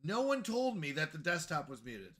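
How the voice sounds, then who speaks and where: A man's voice: fairly high pitch, very animated, normal speed, a bit bright. A man livestreaming a game, talking casually to his chat in a flustered, apologetic way and repeating himself. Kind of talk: casual live gaming stream chat.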